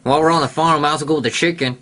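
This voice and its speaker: A man's voice: fairly high pitch, fairly even intonation, very fast, noisy background. A man, a pastor, chatting casually over a video call, rambling and breaking into squawking bird imitations.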